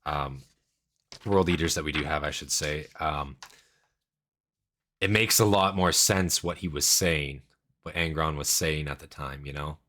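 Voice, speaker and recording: A man's voice: extremely low pitch, measured pace, bright, forceful tone. A man streaming a casual reaction, rambling and thinking aloud with many fillers.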